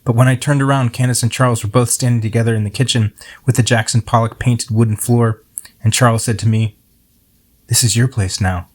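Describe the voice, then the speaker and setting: A middle-aged man reading his own poem aloud, reflective and unhurried as he tells a story. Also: mid-range voice, little pitch movement. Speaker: poet.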